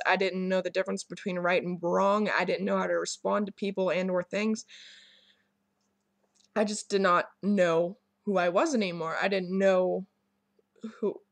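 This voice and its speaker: A woman's voice: medium pitch, dry recording. A young woman vlogger telling a personal story to camera in a rambling, candid way, with many ums and restarts.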